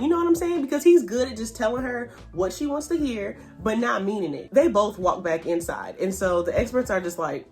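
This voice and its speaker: A woman casually recapping a reality show, chatty and animated, acting out what people said. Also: a little fast, hardly any pauses, soft background music. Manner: chatty and animated, reenacts quotes with pitch jumps. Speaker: YouTube TV recap host.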